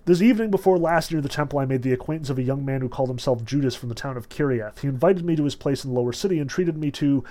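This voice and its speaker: A man reading the lines of a gentle, candid male prisoner who speaks plainly and earnestly. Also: medium pitch, very fast, hardly any pauses, lightly acted.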